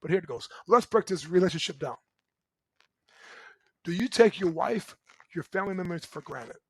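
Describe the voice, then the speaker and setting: Middle-aged man, high voice, loud and emphatic, motivational coaching talk, dry close sound. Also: expressive, normal speed, breathy edge, no room sound, rough recording. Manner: loud and emphatic, keeps asking "right?". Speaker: relationship coach and show host.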